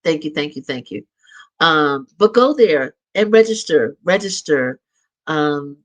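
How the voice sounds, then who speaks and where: A man's voice: on the high side, animated, unhurried, fairly bright tone, poor audio. A middle-aged man hosting a live show, chatting casually and upbeat as he makes announcements. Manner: chatty and upbeat, with light laughs and restarts. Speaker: show host.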